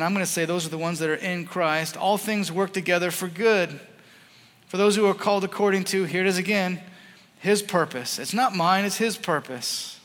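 Bright-voiced preacher in an echoing hall. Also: male voice, sits high. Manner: earnest, animated, swings from loud to hushed. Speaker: pastor. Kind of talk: sermon.

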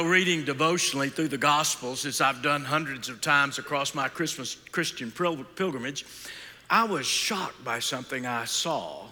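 A man's voice: fairly high pitch, bright, forceful tone. A middle-aged man preaching as a guest speaker in a church, folksy and joking, putting questions to his listeners. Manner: folksy, joking asides, asks the audience questions. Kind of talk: sermon. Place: large church sanctuary. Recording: long hall reverb.

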